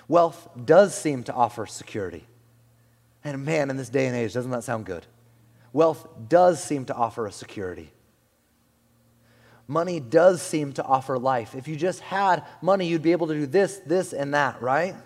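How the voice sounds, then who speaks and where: A man preaching a sermon in a conversational, animated way, often saying "like" and "you know", in a church hall. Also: medium pitch. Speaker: pastor.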